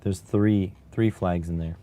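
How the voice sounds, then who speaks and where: A man streaming live, chatting casually and musing aloud in a wry, unhurried way as he types. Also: low voice, fairly even intonation, warm tone. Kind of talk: casual live-stream chat while typing.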